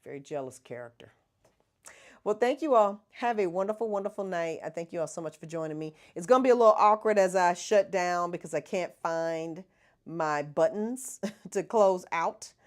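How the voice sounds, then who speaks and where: Woman, middle-aged, casual livestream host, lively up-and-down pitch, lowish voice. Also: moderate pace. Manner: chatty, laughs often, talks to viewers as y'all.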